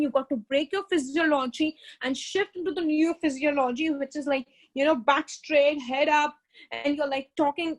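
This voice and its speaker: A woman's voice: high-pitched, poor audio. A woman giving a motivational self-help talk, earnestly explaining and repeating key words. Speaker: motivational speaker.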